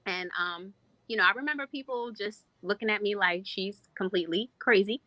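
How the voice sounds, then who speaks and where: Podcast guest, woman in her thirties, bright lowish voice, heartfelt and reflective, dry close mic. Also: a little fast, dry recording, rough recording. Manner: heartfelt, reflective, speaks in long flowing runs. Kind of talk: personal testimony in a podcast interview.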